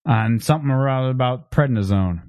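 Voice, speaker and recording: A man's voice: mid-range voice, a little fast, a little mellow, no room sound, clean studio sound. A man co-hosting a casual podcast who presses his point and repeats himself to drive it home. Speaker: podcast co-host. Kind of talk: casual chat.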